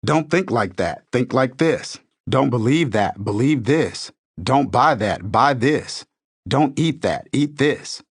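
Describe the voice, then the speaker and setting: A man's voice: mid-range voice, animated, takes it slowly, slightly rough, no echo, studio quality. A man reading an inspirational self-help book aloud in a scripted, earnest style, building his points through rhetorical questions. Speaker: audiobook narrator.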